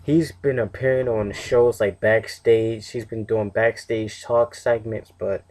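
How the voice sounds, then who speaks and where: A man's voice: lowish voice, steady tone, measured pace, a little mellow. A tired young man casually reviewing a wrestling show on his own, rambling with fillers and self-corrections. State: tired, yawning.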